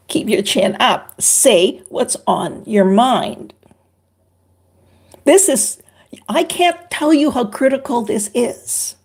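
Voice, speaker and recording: Older woman from Canada, husky, high-pitched, livestream chat with viewers. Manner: animated, chatty, greets viewers by name. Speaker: relationship expert on a livestream.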